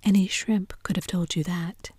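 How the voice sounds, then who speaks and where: A woman voicing an impatient, bossy male griffin in a brisk whispered role-play. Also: lowish voice, steady tone, warm tone, husky, no room sound, studio quality.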